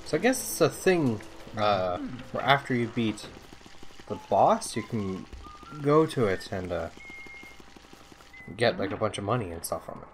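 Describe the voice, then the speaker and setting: A man playing a video game and talking to himself, with excited outbursts and swearing. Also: lowish voice, unhurried, long pauses, faint music behind. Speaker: let's play host. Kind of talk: gameplay commentary. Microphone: desktop USB mic.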